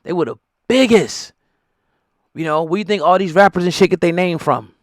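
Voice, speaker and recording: A man's voice: high voice, normal speed, dry recording, clean studio sound. A middle-aged man, giving heated, blunt, profane commentary. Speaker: hip hop news commentator. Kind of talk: opinionated commentary.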